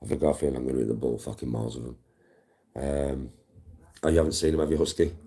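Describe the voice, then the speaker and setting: A man's voice: rumbling low, fast, dark tone. A man, chatting casually on a live stream, swearing freely and greeting viewers. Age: 40s. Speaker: livestreamer.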